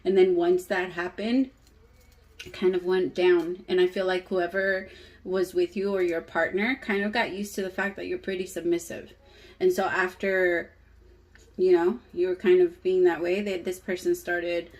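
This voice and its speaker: A woman's voice: on the low side, little pitch movement, a little slow, low-quality recording. A woman doing a casual tarot reading for her viewers, talking straight to them in a candid way and swearing freely. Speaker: tarot reader.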